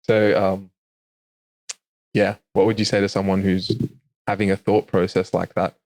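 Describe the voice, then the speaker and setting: A man's voice: low voice, little pitch movement, a little slow, darkish tone. A man hosting a faith podcast, chatting hesitantly with many "um"s and reading scripture aloud. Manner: hesitant, lots of "um"s, laughs easily. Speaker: podcast host.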